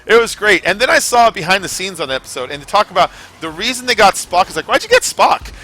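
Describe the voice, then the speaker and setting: A man's voice: high-pitched, animated, quick pace, pushed and bright. A man streaming a game, chatting casually, rambling with lots of fillers and swearing. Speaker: gaming streamer. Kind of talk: casual live-stream chat while gaming.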